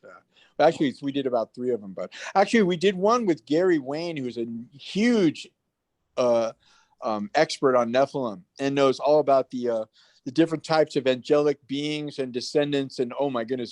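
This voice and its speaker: A man's voice: mid-range voice, normal speed, dry recording. A man telling stories in a casual interview, acting out the voices of people he quotes. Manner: animated storyteller, acts out quoted voices. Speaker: guest, actor.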